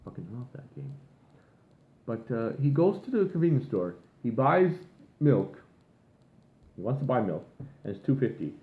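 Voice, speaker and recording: A man's voice: medium pitch, big pitch swings, normal speed, pauses often. A man rambles through a long, profane rant with an exasperated edge. His voice comes through thin and phone-like. It bounces around an echoey room. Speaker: vlogger. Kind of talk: casual rant.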